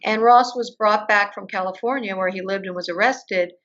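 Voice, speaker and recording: A woman's voice: mid-range voice, normal speed, fairly bright tone. An older woman being interviewed, telling her story at length and acting out the conversations she recounts. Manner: storytelling, acts out quoted exchanges. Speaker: interview guest. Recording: muffled lo-fi audio.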